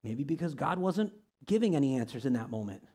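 Animated man teaching a church group. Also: a little fast. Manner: conversational, asks many rhetorical questions; reads scripture aloud, shifts pitch and loudness often. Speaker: pastor or teacher.

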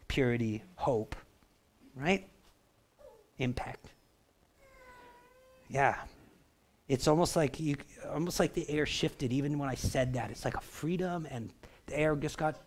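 Guy preaching, kinda higher voice, talks casual and keeps asking the room if they're with him. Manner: animated, conversational, asks the crowd for response. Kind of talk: sermon. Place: church.

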